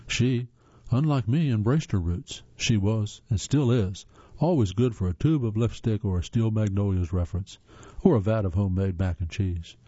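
Man, low dark voice, reading articles aloud, earnest, slightly dull lo-fi sound. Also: normal speed, slightly rough, no room sound. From northern United States. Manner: earnest read-aloud delivery, occasional stumbles and restarts. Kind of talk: reading aloud with spoken asides.

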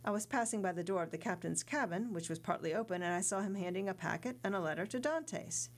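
A woman's voice: medium pitch, fast, close to an everyday voice. A woman reading the part of a sly male ship's clerk in an audiobook, careful and evasive.

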